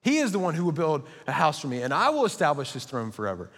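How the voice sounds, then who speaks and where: A man's voice: fairly high pitch, slightly rough. Man preaching in a reverberant hall. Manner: energetic storytelling with quick asides. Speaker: pastor. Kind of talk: sermon. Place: church auditorium. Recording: reverberant church auditorium.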